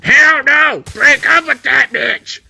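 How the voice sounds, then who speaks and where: A man's voice: on the high side, normal speed, pitched above the performer's own voice, natural voice. A man voicing a furious, ranting old religious father in a comedic story reading. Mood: enraged. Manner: shouting, ranting outbursts.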